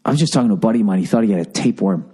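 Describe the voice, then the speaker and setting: A man's voice: lowish voice, expressive, very fast, warm tone, slightly rough. A middle-aged man hosting a solo podcast, rambling in a profane, exasperated comic rant, overfull and thirsty. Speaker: podcast host.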